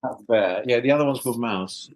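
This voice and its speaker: A man's voice: mid-range voice, a little fast, low-quality recording. A man from South London, a voice actor guest, chatting thoughtfully in an interview over a video call with many small restarts. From South London, England. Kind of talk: casual interview chat.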